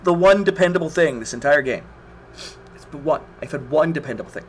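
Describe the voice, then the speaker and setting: A man's voice: a little high, big pitch swings, brisk, a bit bright, slight background noise. A man commentating his own gameplay on a live stream, exasperated, swearing and groaning at the game.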